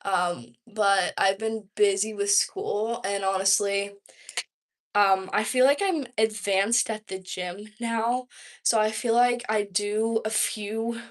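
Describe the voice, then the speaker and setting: Young woman from Georgia, chatty, rambling, livestream talk at home, lots of filler words, mid-pitched voice. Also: fairly even intonation, slow. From Georgia, United States. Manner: rambling and chatty, heavy use of "like". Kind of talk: casual livestream chat answering viewer questions. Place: her home.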